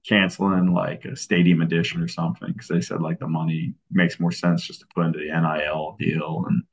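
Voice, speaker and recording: A man, a college football coach, talking in a casual interview, relaxed and often restarting his sentences. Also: deep voice, brisk. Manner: relaxed, many restarts and fillers.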